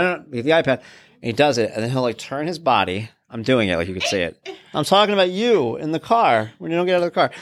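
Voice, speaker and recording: A man's voice: medium pitch, fairly bright tone, slight background noise. A middle-aged man hosting a podcast, talking in a casual, rambling, affectionate way and often breaking off mid-sentence. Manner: rambling, fond and self-interrupting. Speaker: podcast host. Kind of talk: casual solo podcast talk.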